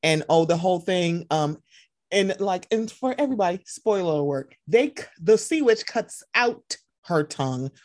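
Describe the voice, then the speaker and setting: A young woman co-hosting a podcast, chatting casually and animatedly, often jumping into excited quoted voices. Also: moderate pace, dry recording, studio quality. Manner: animated, jumps into high excited voices when quoting. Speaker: podcast co-host. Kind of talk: casual chat.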